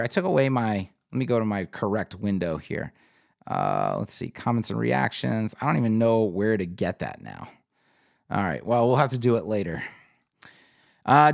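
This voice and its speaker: A man's voice: mid-range voice, creaky. A man hosting a live-streamed website critique, talking in an emphatic, conversational way and often asking "right?". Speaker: web design critique host.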